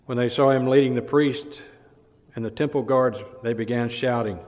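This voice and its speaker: A man preaching a sermon, retelling scripture dramatically and swinging between loud and hushed passages. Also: mid-range voice, normal speed. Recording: long hall reverb.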